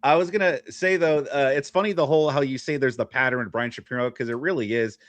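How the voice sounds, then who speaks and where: A man's voice: medium pitch, fast, a bit bright, dry recording. A man appearing as a guest on a live stream, easygoing and agreeable, laughing often as he chats. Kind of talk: casual livestream chat.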